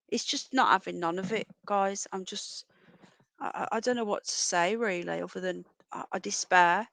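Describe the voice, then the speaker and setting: A woman chatting casually to viewers on a home livestream, often calling her pets in a high singsong voice. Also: normal speed, gravelly, fairly bright tone, no room sound. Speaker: livestream host. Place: home, indoors. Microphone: earphones with mic.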